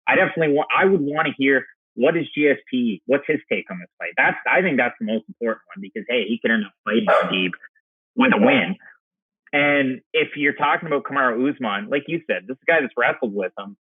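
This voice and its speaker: A man's voice: mid-range voice, expressive, quick pace, breathy edge, no echo, phone-quality sound. A man co-hosting a casual sports podcast, rambling and restarting his sentences. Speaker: podcast co-host.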